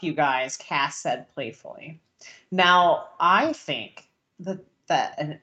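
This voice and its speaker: A woman co-hosting a casual chat, critiquing a piece of writing, who often clears her throat and thinks aloud with ums. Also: on the low side. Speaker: podcast co-host critiquing writing.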